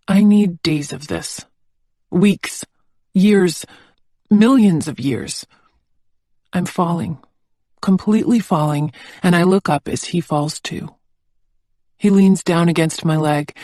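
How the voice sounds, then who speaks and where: A woman reading a first-person audiobook aloud in a hushed, intimate narrating voice. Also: deep voice, no room sound, clean studio sound.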